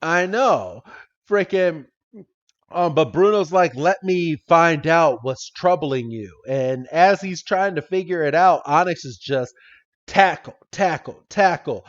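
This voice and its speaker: A man casually recapping a cartoon episode as a podcast co-host, excitable, laughing and swearing freely. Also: fairly high pitch, highs cut off.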